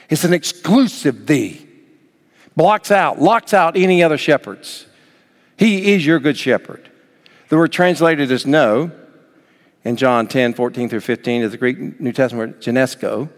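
A man preaching a sermon as pastor, swinging from soft, low passages up to near shouts. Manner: dynamic preaching, rising to near shouts then dropping soft. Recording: long hall reverb.

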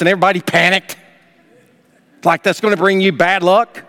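A man preaching a sermon as pastor, emphatic, with sudden rises in pitch and loudness. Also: steady tone, brisk, long pauses. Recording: long hall reverb.

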